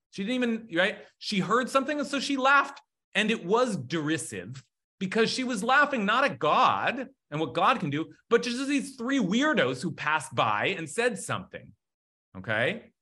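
A man teaching a lively text study class, talking excitedly with frequent restarts. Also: high-pitched, moderate pace.

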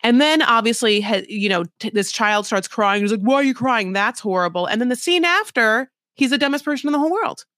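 A woman's voice: a little high, expressive, brisk, hardly any pauses, fairly bright tone, no echo, studio quality. A woman co-hosting a podcast, recapping reality TV in a rambling, frank chat full of "like" and swearing. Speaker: podcast co-host.

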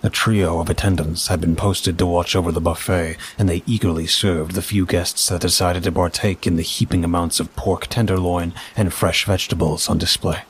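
A man narrating a first-person story in a measured, dry way. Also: deep voice, flat delivery, husky.

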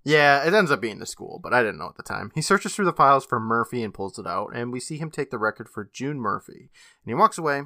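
A man's voice: medium pitch, very animated, quick pace, sharp tone, no echo, studio quality. A man co-hosting a podcast, casually recapping a TV episode in long run-on sentences and laughing often. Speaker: podcast co-host.

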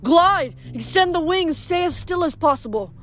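A woman's voice: high voice, lively intonation, normal speed, darkish tone, pitched above the performer's own voice. A woman voicing an anxious old inventor. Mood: desperate. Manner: urgent, pleading. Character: anxious old male inventor, a worried father. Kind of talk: audiobook character reading.

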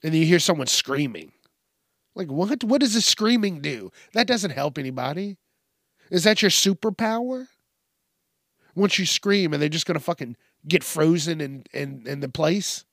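Male podcast host, early-morning rasp, profane and animated solo rant, dry close mic. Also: moderate pace, no room sound. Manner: profane, animated, mimics people in high yelps.

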